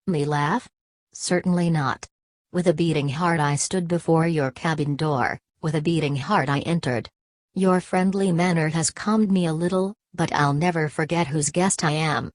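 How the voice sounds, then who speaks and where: A woman reading a nervous, deferential man from inland for an audiobook. The voice is low and the reading is calm and measured. The close recording is dry. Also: no echo, natural voice. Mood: earnest.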